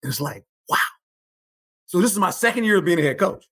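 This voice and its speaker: An older man, a former football coach, telling stories as a guest in an interview, animated and emphatic, often repeating phrases. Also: high-pitched, fairly quick, husky. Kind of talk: storytelling interview.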